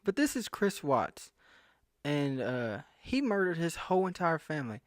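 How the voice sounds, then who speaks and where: Big pitch swings mark this young southern US man's fairly high voice as he rambles casually to camera at a normal pace, breaking into his own sentences with mounting disbelief. It's a dry, clean, studio-sounding computer screen recording.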